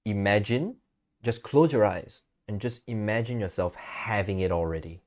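Laid-back low-voiced man telling stories. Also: normal speed. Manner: relaxed storytelling, laughs easily, acts out quotes. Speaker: podcast co-host. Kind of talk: casual podcast conversation.

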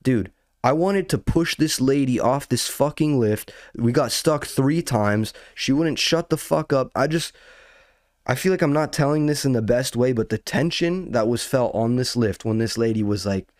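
A man's voice: medium pitch, lively intonation, normal speed, darkish tone, no room sound, clean studio sound. A young man casually telling a rambling, profane story as a podcast host, full of slang and building into outrage.

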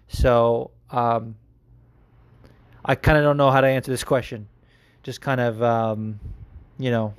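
A male podcast host in loose, casual chat. He rambles, uses plenty of fillers and laughs often as he works through listeners' voice messages. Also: medium pitch.

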